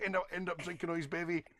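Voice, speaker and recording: A man's voice: high-pitched, quick pace, noisy background. A Scottish man, a podcast guest, telling casual anecdotes full of Scots slang. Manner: lively storyteller with Scots slang.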